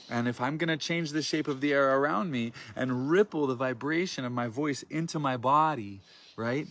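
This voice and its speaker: A man guiding a group through prayer and vocal practice, speaking in a soft, loving, grounded tone and drawing his phrases out invitingly. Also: medium pitch, vocal fry. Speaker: spiritual workshop facilitator.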